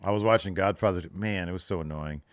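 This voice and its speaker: A deep-voiced man chats loosely as a podcast co-host, leaning on "like" and "you know" as he rambles through a story. The mic is close and dry. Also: quick pace, no echo. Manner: chatty, rambling, many fillers like "like" and "you know". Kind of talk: casual chat.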